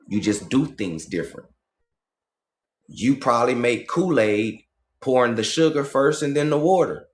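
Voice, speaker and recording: A man from Georgia, holding forth in a casual livestream monologue, animated and full of profane slang. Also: mid-range voice, moderate pace. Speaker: livestream host.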